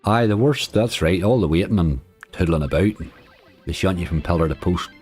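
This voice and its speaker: Male streamer, very low voice, easygoing chat with viewers, soft slot music behind. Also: expressive, fairly quick. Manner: chatty, answers viewers' chat comments. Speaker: slots streamer. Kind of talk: casual livestream chat.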